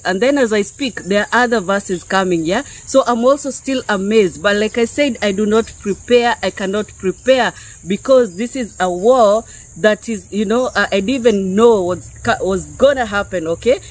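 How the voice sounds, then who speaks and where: A woman from Kenya delivers a spiritual teaching off the cuff, in a mid-pitched voice. She talks to her viewers conversationally, tagging her points with "yeah?" and "okay?". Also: moderate pace, rough recording. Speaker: YouTube preacher.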